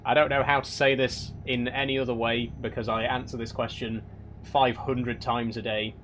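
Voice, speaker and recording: A man's voice: mid-range voice, little pitch movement, normal speed, fairly bright tone, a little hiss or hum. A young man casually chatting with a live audience while he plays a truck driving game, reading out their questions and answering with mock exasperation. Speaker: streamer reading live chat.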